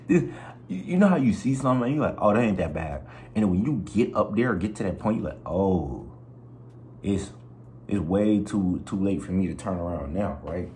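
A young man vlogging, telling a story in a slangy, expressive way and acting out other people's voices and sounds. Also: low voice. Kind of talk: animated storytelling.

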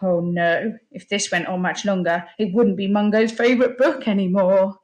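Reading a picture book to children, this woman teacher from a primary school uses a slow, expressive storytelling style with a lively pitch.

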